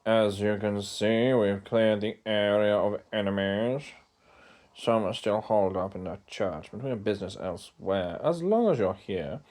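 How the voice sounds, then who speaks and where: A man's voice: on the low side, darkish tone, close to an everyday voice. A man voicing an arrogant, mocking male villain officer in a retro video game while reading its dialogue aloud. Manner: mocking, taunting.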